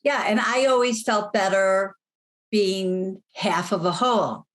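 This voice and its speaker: A woman's voice: medium pitch, slow pace. Candid middle-aged lady coach, talking through her past thoughtfully. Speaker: life coach guest. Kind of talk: reflective interview talk.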